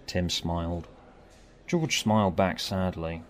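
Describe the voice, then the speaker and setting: A man reading his own story aloud, expressive, moving between bright and hushed. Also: deep voice, slow, slight background noise. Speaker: author and narrator. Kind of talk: storybook narration.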